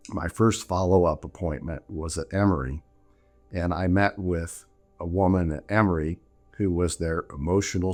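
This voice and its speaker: Older guy, deep voice, rambling jokey story, faint music behind. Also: darkish tone. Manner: chatty, jokey, many restarts and "so anyway". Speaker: vlogger telling a personal story. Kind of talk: casual storytelling to camera.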